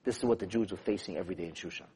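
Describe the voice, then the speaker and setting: A man who is a rabbi teaching a class, telling stories in an animated, emphatic way and repeating phrases to drive points home. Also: sits low, rapid-fire, a little hiss or hum. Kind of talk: lecture with storytelling.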